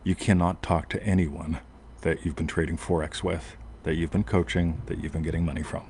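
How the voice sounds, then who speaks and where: A man's voice: extremely low pitch, flat delivery, brisk, darkish tone, slight background noise. A man hosting a show, telling a long personal story in a rambling casual way and often asking "right?". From United States. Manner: rambling, self-interrupting, frequent "right?". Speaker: podcast host.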